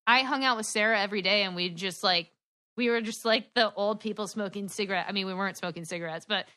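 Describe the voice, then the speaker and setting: A woman's voice: medium pitch, quick pace, sharp tone. A young woman as a podcast guest, telling stories in a rambling casual chat full of "like". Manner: rambling, filler-heavy with frequent "like".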